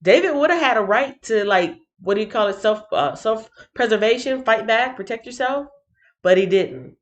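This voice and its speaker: A woman's voice: fairly high pitch, animated, moderate pace. A woman hosting a Bible reading livestream in a playful, chatty way, laughing often and talking straight to her viewers. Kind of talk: casual livestream chat.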